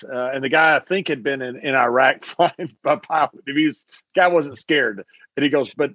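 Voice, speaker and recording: A man's voice: mid-range voice, normal speed, fairly bright tone, no room sound, lo-fi sound. A man co-hosting a casual chat, telling stories animatedly and laughing often. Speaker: podcast co-host.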